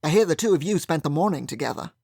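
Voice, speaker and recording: A man voicing a mischievous, teasing young gentleman in an audiobook. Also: on the high side, expressive, fast, creaky, slightly rough, no room sound, clean studio sound, exaggerated voice. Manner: teasing, playful.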